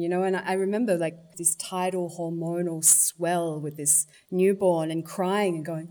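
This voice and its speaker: A woman's voice: lowish voice, moderate pace, few pauses, darkish tone. A woman, speaking thoughtfully and earnestly in a personal interview. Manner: thoughtful, earnest, politically articulate.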